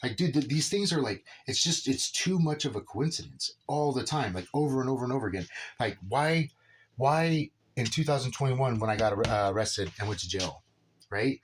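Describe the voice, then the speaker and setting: A man's voice: medium pitch, animated, moderate pace, a little hiss or hum. A man rambling casually through a personal story about his son, filling his talk with "right?" and "dude". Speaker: father telling a personal story.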